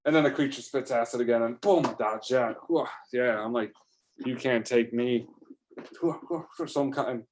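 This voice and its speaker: A man spins an improvised first-person adventure story at an ordinary, mid-range pitch. He rambles and restarts, piling on fillers as he excitedly relays each twist. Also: normal speed, hardly any pauses, a little hiss or hum.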